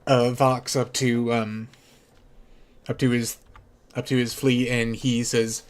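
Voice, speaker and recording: A man's voice: medium pitch, little pitch movement, slow, long pauses. A man narrating as game master of a tabletop game, often restarting his phrases as he voices the characters.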